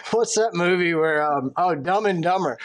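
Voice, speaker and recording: A man co-hosting a racing podcast, playful and quick to laugh in casual chat. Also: high voice, animated. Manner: playful, laughs at his own jokes. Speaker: podcast co-host.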